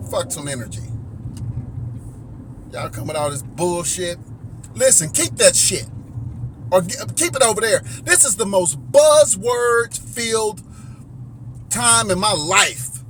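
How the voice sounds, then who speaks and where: Middle-aged guy preaching his take from the car, high-pitched, cussing and repeating himself. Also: a bit bright, husky. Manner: emphatic, preachy, swears, repeats and restarts. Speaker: commentary vlogger. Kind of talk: heated opinion monologue.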